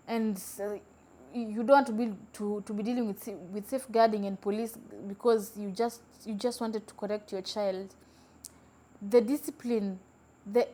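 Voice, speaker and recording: A woman's voice: medium pitch, darkish tone. A young woman, hosting a podcast and telling stories in a casual, emphatic way, often repeating words and restarting sentences. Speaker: podcast host. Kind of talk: casual storytelling chat.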